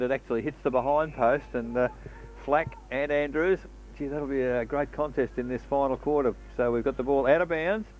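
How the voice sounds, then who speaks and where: A man's voice: medium pitch, slight background noise. A man with an Australian accent calling a local football match, talking casually and filling gaps with "uh" between plays. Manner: conversational, slips in fillers between play calls. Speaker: football commentator. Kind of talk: local radio football commentary. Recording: dull lo-fi broadcast audio.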